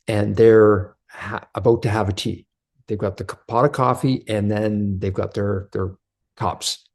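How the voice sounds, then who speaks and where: Brief: male motivational host, warm low tone, earnest and exhortative. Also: breathy edge. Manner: earnest, preachy, repeats affirmations. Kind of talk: motivational video talk.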